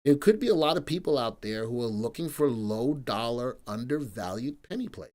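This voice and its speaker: A middle-aged man hosting a live stock market stream, chatting energetically and playfully with viewers, even breaking into song. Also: medium pitch, normal speed. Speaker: stock market analyst host.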